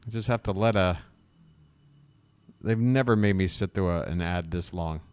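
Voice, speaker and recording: A man's voice: deep voice, moderate pace, a little mellow, clean tone. A man hosting a live stream, riffing with sarcastic jokes in a rambling, self-interrupting way. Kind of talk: casual live-stream commentary.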